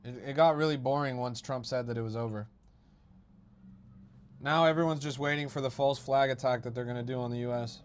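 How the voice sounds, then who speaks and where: A man's voice: medium pitch, steady tone, a little fast, smooth. A young man hosting a crypto livestream, reading his chat aloud and mocking it with a profane, ranting manner.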